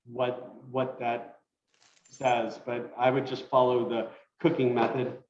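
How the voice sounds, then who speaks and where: Over roomy, lo-fi video call audio with a little hiss or hum, a man with a mid-range voice teaches an online cooking class from his kitchen at a slow pace. He explains loosely and relaxedly, thinking aloud and using lots of fillers.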